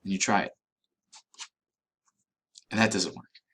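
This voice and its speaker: Male online coach, a bit low-pitched, direct and emphatic, chatty lesson delivery. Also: lively intonation, takes it slowly, a bit bright, breathy edge. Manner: emphatic, direct, keeps checking in with "right?" and "okay?". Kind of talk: casual talking-head course lesson.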